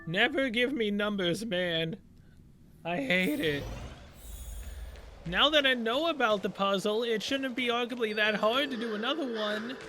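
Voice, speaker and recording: A man's voice: high voice, measured pace, sharp tone. A young man doing let's play commentary, ranting in exasperation and mocking a puzzle sarcastically. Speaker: gamer playing through a story game. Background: game music.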